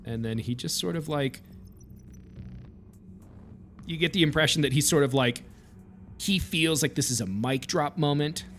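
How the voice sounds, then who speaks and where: A man's voice: on the high side, a little slow, pauses often, fairly bright tone, slight background noise. A man narrating a tabletop game as game master, in a casual, hesitant way with many fillers.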